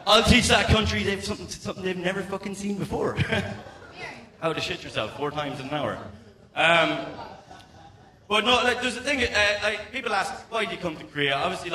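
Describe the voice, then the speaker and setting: A man's voice: high-pitched, bright, forceful tone. A man in his thirties with an Irish accent doing a stand-up comedy set, profane and rambling, stumbling over restarts. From Ireland. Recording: echoey room, mic at a distance.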